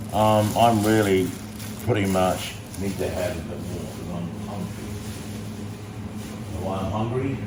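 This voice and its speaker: A man with a somewhat low voice who chats loosely to his phone while making food, joking, rambling and turning aside to talk to his dog. He is recorded in an echoey home kitchen, with a loud, clear fan hum running behind him. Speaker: bodybuilding vlogger. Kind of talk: casual talk to camera while cooking. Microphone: phone camera. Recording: echoey room with fan noise.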